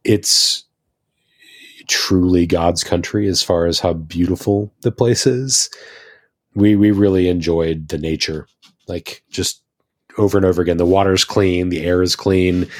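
An American man in casual podcast chat, an enthusiastic and rambling storyteller. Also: sits low. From United States.

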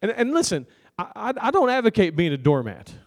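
A man preaching with a slightly higher voice than most men. He tells a personal story loosely and conversationally, laughing often and asking the congregation for an amen. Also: sing-song, brisk. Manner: conversational storytelling with laughs and crowd call-outs. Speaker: pastor. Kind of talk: sermon.

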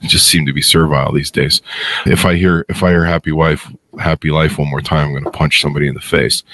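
A middle-aged man hosting a podcast interview, talking in a blunt, opinionated and animated way. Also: very deep voice, fast talker, slight background noise. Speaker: podcast host. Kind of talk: casual interview chat.

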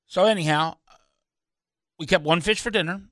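A man, a fishing charter captain and show host, telling a story in a rambling, animated way that keeps circling back with "anyhow". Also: high-pitched, moderate pace, no room sound. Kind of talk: casual radio storytelling.

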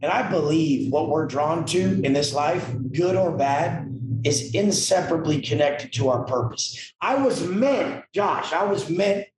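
Profane blunt man, somewhat high voice. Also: reverberant, low-quality recording. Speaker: podcast guest. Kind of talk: casual interview storytelling.

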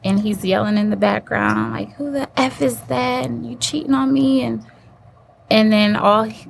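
A woman's voice: medium pitch, vocal fry. A woman guest telling a personal story in an interview, earnest and acting out the voices she quotes. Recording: faint background noise.

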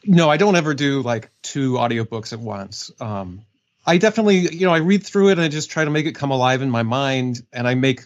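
A man's voice: mid-range voice, animated, a little fast, dull audio. Chatty male audiobook narrator. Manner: chatty, laughing, with fillers. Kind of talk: casual interview talk.

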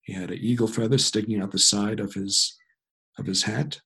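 A man's voice: on the low side, fairly even intonation, normal speed, creaky, fairly bright tone, breathy edge. A man telling a personal story in a reflective, self-deprecating way. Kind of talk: personal anecdote.

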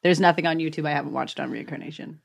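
Playful, slightly husky woman. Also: low voice. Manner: playful, quick interjections, giggly. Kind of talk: casual chat.

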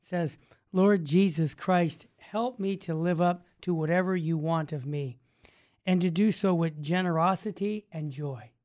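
A co-host speaking quietly and slowly in casual conversation. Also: medium pitch. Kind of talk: casual chat, reading a prayer.

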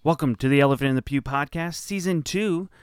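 A man's voice: a little high, brisk, music in the background. A man hosting a podcast, upbeat and friendly in casual chat, with a few stumbles. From Midwest of the United States. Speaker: podcast co-host.

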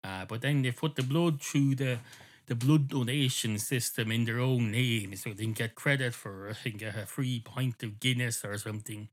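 An indignant talking dog, male and thoroughly aggrieved, rants in a rambling, sweary comic monologue, as a man puts him on. He speaks, stops himself mid-thought and doubles back, all at a middling pitch. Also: moderate pace, lightly acted. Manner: rambling, sweary, self-interrupting rant.

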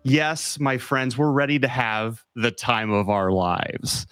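A man's voice: mid-range voice, slow, a bit bright, clear, resonant tone, no room sound, faint music behind. Male host, jokey and upbeat, dry close mic on a call. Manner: playful, jokey. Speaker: podcast host. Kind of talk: casual interview hosting. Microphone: video call.

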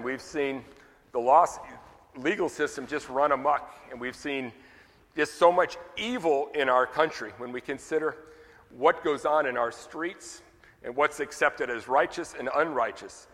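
Male pastor, emphatic and conversational sermon delivery, bright tone, reverberant sanctuary. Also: medium pitch, moderate pace. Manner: emphatic, conversational preaching with rhetorical questions. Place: church sanctuary.

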